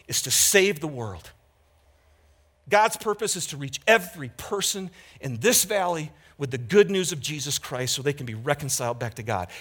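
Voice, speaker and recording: A man preaching a sermon as pastor, candid and conversational, swinging from loud emphatic peaks to hushed moments. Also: a little high, husky.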